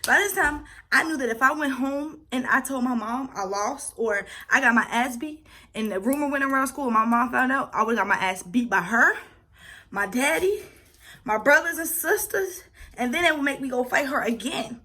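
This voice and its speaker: A young woman vlogger telling a personal story in a casual, animated and profane way, acting out scenes as she goes. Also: high-pitched, normal speed.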